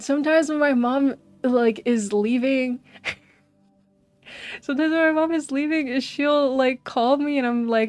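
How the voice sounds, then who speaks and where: A woman's voice: sits high, slow pace, a little mellow, no room sound, faint music behind. A young woman streaming, chatting casually and animatedly with her viewers and often saying "bro". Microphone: desk mic.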